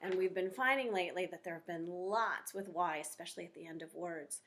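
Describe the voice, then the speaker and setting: A woman teaching a phonics lesson to young children, talking slowly and clearly in an encouraging way. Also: lowish voice, fairly bright tone, slight background noise.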